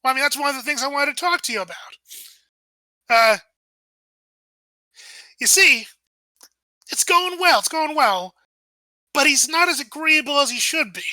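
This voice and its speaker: Slangy male crook, bright and dry, a woman acting it. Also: high-pitched, lively intonation, moderate pace, long pauses, dry recording, voice pushed up. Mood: wheedling. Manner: chatty, slangy, hedging. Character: scheming middle-aged male crook, folksy and wheedling.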